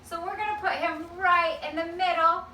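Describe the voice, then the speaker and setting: A woman preschool teacher leading circle time and reading a story to children in an animated, sing-song way, gently directing the group. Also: extremely high pitch, normal speed, a little hiss or hum. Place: classroom. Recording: echoey classroom from far off.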